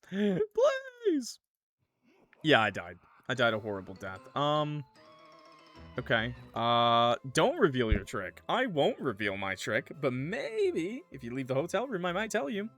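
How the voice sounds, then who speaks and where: Man, gaming streamer, casual commentary, lively pitch, faint music behind. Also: moderate pace. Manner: chatty, animated, thinks aloud. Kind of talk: casual let's-play commentary.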